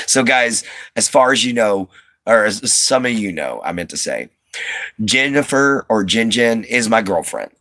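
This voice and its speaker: In a dry recording, a Southern US man hosts a casual, meandering livestream from his RV, speaking with a slight twang and plenty of fillers and restarts. His voice sits on the low side, sing-song and pushed bright. He keeps a measured pace with long pauses.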